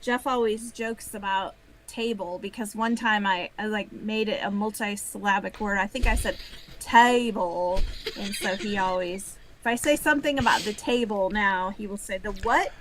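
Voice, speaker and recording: A middle-aged woman with a Southern Illinois accent, answering interview questions in a friendly, relaxed way with fillers. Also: medium pitch, moderate pace, noisy background. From northern US. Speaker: guest.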